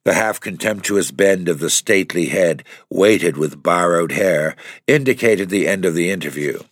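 A man narrating a classic novel as an audiobook in a measured, even storytelling voice. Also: deep voice, dry recording, studio quality. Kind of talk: scripted narration.

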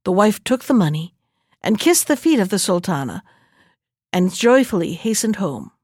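A woman reading a fairy tale aloud in steady storybook narration. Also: mid-range voice, normal speed, no echo, clean studio sound. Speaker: reader.

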